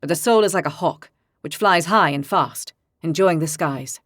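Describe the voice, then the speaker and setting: A woman voicing a grave, poetic young desert man who speaks in measured, proverb-like lines. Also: low voice, a bit bright, no room sound, studio quality. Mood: solemn.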